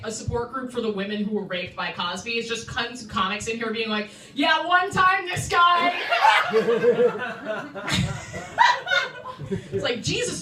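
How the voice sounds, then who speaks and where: Young woman comic from new york, bright voice, laughs at her own bits, far off mic in an echoey room. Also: a little high. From New York City. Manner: chatty, self-interrupting, laughs at own jokes. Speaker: stand-up comedian. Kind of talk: stand-up set at an open mic. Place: small comedy room indoors. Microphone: phone livestream from the room.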